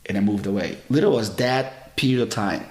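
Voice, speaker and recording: A man's voice: fairly low pitch, brisk, darkish tone. A man in his forties, a jiu-jitsu champion guest in a casual interview, telling stories earnestly with non-native English phrasing. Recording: roomy echo.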